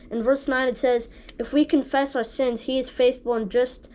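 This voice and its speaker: Woman, casual home Bible teacher, higher pitch, halting delivery full of restarts and "right?" check-ins. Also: darkish tone, slight background noise. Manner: halting, restarts often, asks "right?" and "okay?" constantly. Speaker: amateur online Bible teacher.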